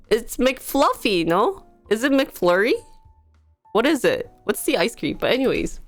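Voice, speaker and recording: A woman's voice: fairly high pitch, big pitch swings, a little slow, soft background music. A woman livestreaming from home, telling stories in a casual, chatty way and laughing often. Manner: chatty storytelling, frequent laughter.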